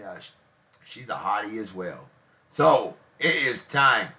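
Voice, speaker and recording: A man hosting a casual online show, gushing jokey praise and shout-outs to friends. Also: medium pitch. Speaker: host of a daily beer and music show.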